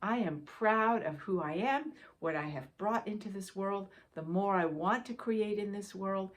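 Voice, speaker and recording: Speaking unhurriedly at a medium pitch, this spiritual teacher offers her listeners gentle reassurance and guidance. She talks straight to them, going back over key phrases to stress them.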